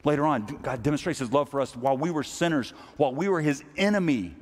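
A man's voice: a little high, big-room sound. A man preaching a conversational sermon in a church service, talking casually with many restarts and acting out little everyday scenes. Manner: casual, halting, with many restarts and acted-out asides. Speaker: pastor.

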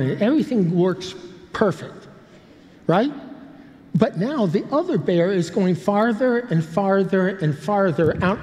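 Older male pastor, warm mellow tone, a bit high, rambling storyteller. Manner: rambling, self-interrupting with humorous asides. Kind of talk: sermon storytelling. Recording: long hall reverb.

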